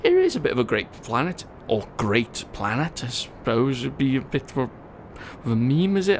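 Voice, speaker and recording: A man's voice: medium pitch, wildly swooping pitch, moderate pace, slight background noise. A man giving casual, chatty gameplay commentary, laughing often as he reads viewer comments. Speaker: gaming channel host.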